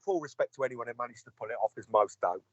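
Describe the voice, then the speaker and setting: A man's voice: medium pitch, racing, dry recording. A man telling a long, sweary anecdote in a casual podcast chat and acting out the people he quotes. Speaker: podcast co-host. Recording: dull lo-fi podcast audio.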